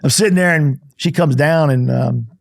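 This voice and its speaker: Speaking at a normal pace in a slightly high, creaky voice, a fifty-something insurance CEO guests on a podcast and recounts his life with blunt candor. He performs the dialogue, drops the occasional mild curse, and the studio recording is dry.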